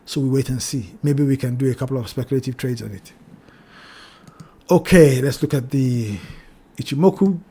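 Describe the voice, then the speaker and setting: A man hosting a trading channel, walking through price charts in a cautionary tone, repeating his warnings and addressing viewers as ladies and gentlemen. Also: mid-range voice, moderate pace, breathy edge. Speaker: crypto trading channel host. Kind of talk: chart analysis talk.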